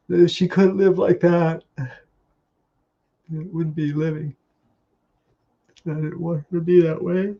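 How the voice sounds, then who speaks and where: A man with a gravelly, creaky voice tells personal stories at a memorial, stopping and restarting his phrases with small laughs in between. He speaks over a video call, and the audio is dull and lo-fi. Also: a little high, fairly even intonation, a little slow, pauses often, mellow. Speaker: speaker giving a eulogy.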